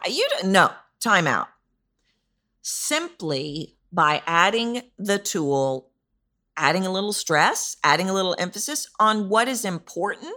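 A woman's voice: medium pitch, pushed and bright. A woman hosting a solo podcast, teaching about voice and delivery in an emphatic, repetitive way. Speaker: podcast host, voice coach.

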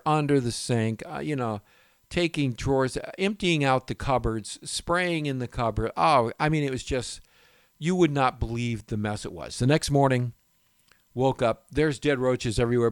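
A man's voice: medium pitch, clean tone, no room sound, studio quality. A man hosting a home and garden radio show, telling a rambling personal story in a casual way and often breaking off mid-sentence. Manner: animated, rambling, self-interrupting storyteller.

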